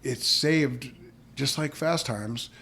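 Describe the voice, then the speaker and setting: A man's voice: medium pitch, slow, gravelly, a little hiss or hum. A man from Los Angeles telling a story as a podcast guest in a casual, rambling way, with many restarts, acting out the people he quotes. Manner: animated storyteller who acts out the people he quotes.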